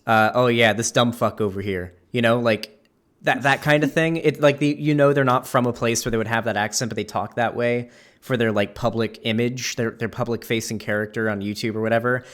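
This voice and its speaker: A man's voice: mid-range voice, level tone, brisk. A man hosting a casual conversation, rambling with many fillers and restarts. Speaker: streamer and host.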